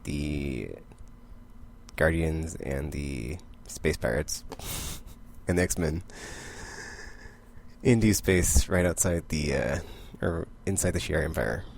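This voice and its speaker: A man's voice: extremely low pitch, takes it slowly, creaky, a little hiss or hum. A young man casually recapping comic issues in a rambling way, full of fillers and quoted character lines. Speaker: comic book vlogger.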